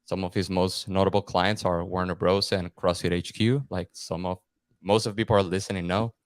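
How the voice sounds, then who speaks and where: Man, podcast host, very low voice, resonant, upbeat casual hosting. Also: level tone, fairly quick, no room sound, clean studio sound. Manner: upbeat, friendly, with fillers.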